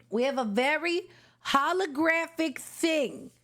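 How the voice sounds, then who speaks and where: A woman vlogger chatting casually through an album unboxing, excitable and slangy, often gasping and exclaiming. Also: on the high side, normal speed.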